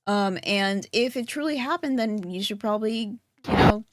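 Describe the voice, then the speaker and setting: A woman's voice: medium pitch, moderate pace, no room sound. Chatty woman co-hosting a commentary stream. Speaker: co-host. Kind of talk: casual commentary chat.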